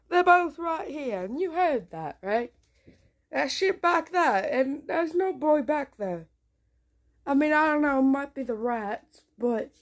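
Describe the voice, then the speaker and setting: A woman vlogging from a dark room at home, rambling with frequent restarts, jumpy and swearing often. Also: high-pitched. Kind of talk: casual home vlog.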